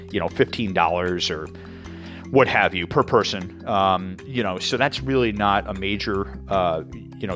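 A man's voice: lowish voice, fairly bright tone. A man from New York hosting a mortgage show, explaining fees in a casual, conversational way with frequent fillers and asides. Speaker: mortgage podcast host. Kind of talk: casual educational talk.

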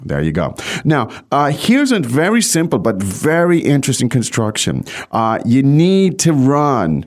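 A man's voice: mid-range voice, wildly swooping pitch, a little slow, a little mellow. A man hosting a podcast language lesson, explaining words in a chatty way with frequent fillers. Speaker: language teacher, podcast host.

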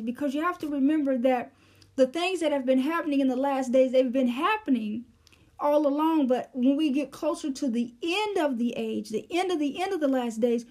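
A woman with a high, soft-toned voice leads a verse-by-verse Bible teaching, explaining what each Greek word means. She goes at an unhurried pace, pausing often, using fillers, and restarting phrases.

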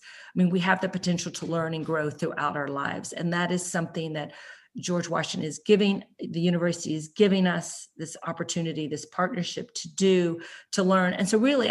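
A middle-aged woman, a parent advocate, speaking earnestly and emotionally in an interview. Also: lowish voice. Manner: heartfelt, emotional, grateful. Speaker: parent advocate, nonprofit leader.

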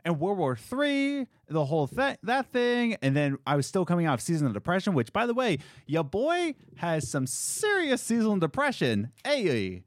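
A young man co-hosting a podcast, telling stories in a rambling, animated way with frequent restarts. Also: high voice, normal speed, few pauses, no echo, clean studio sound. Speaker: podcast co-host. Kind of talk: casual chat.

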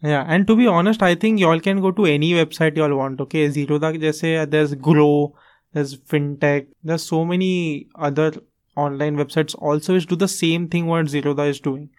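A man's voice: a little high, fairly even intonation, moderate pace, darkish tone. A man with an Indian English accent, casually explaining investing on a podcast and slipping Hindi phrases into his English. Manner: earnest, explains with examples, mixes in Hindi phrases.

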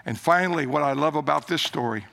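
An older man preaching a sermon, telling a story with emphatic rises and hushed low quotes. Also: quick pace, gravelly. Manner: animated, emphatic, drops low for quoted lines.

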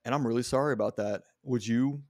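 A man's voice: mid-range voice, fast talker, gravelly, darkish tone, no echo, clean studio sound. A middle-aged man hosting a podcast, telling personal stories in a candid way and often swearing. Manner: candid, profane storytelling. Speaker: podcast host. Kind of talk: casual conversation.

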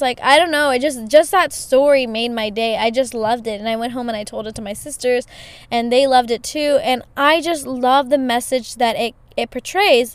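A woman's voice: sits high, clean tone, dry recording. A woman hosting a podcast, telling a story in a casual, chatty way with lots of "you know" fillers. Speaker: podcast host.

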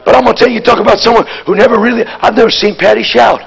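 A man preaching a live sermon, swinging from shouts to low, tired storytelling. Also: fairly even intonation, racing, creaky, breathy edge. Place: church with congregation. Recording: live hall recording with crowd noise.

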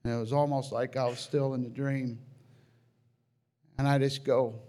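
A man sharing a personal religious testimony about a dream, in an earnest, halting way with frequent restarts, sometimes rising high and loud with feeling. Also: level tone. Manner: rises high and loud at emotional peaks.

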